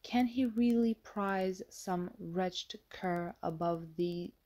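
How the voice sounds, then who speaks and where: A woman's voice: lowish voice, takes it slowly, dark tone. A woman reading the part of a frail old mistress who plays the oppressed victim, speaking in a subdued, weak voice. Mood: plaintive. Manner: subdued, weak, martyred pleading.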